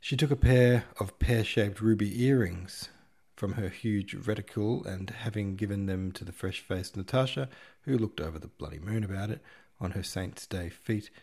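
A man's voice: on the low side, normal speed, a little mellow. A man narrating a classic novel in a wry, slangy retelling. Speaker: podcast host reading a novel. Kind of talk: audiobook narration.

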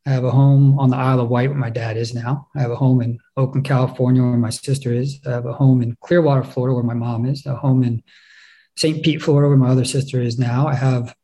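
Halting, reflective man telling a story. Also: mid-range voice, flat delivery, mellow. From England. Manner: reflective, halting, many restarts. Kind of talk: personal story told on stage.

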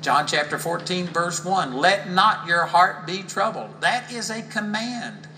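Brief: male preacher, very bright tone, slightly raised pitch, mic at a distance, scripture read slow and solemn. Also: slight background noise. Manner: quotes scripture in a slowed, solemn reading. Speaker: Bible teacher. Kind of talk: sermon teaching.

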